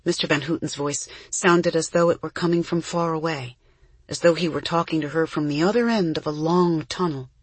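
Husky woman reading a storybook. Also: low voice, steady tone, moderate pace, no echo. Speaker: audiobook narrator. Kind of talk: scripted narration.

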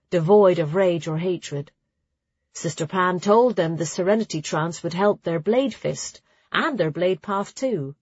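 A woman narrating a novel in a measured, even storytelling manner. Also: fairly low pitch, slightly rough, no echo. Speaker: audiobook narrator. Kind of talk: scripted audiobook narration. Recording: dry, slightly dull audio.

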